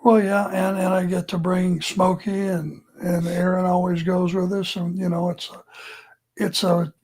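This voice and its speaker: An older man with a Southern US accent, a retired wrestler, co-hosts a casual podcast in a laid-back, plainspoken way. His voice sits high with little pitch movement, a little slow and a little mellow.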